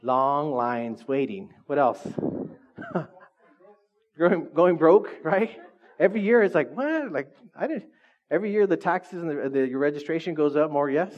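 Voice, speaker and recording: A man's voice: on the high side, expressive, moderate pace, lo-fi sound. A man preaching a casual sermon as pastor, chatty and joking with the congregation.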